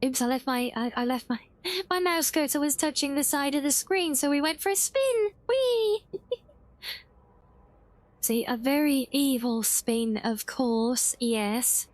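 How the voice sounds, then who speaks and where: A woman's voice: high-pitched, expressive, moderate pace, dry recording. A woman livestreaming a game, chatting casually with her chat, giggly and bubbly.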